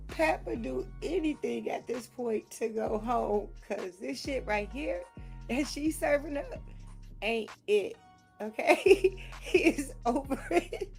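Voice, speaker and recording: A woman's voice: high-pitched, expressive, takes it slowly, vocal fry, long pauses, soft background music. A woman giving casual gossip commentary, laughing often, swearing freely and acting out what people said.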